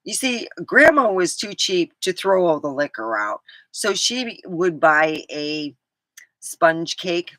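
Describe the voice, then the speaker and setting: A woman's voice: lowish voice, sing-song, slow pace, fairly bright tone, dry recording. A woman from California with an English-tinged accent, telling rambling stories with laughs and lots of ums. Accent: English-tinged American. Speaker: vlogger. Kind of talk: casual storytelling.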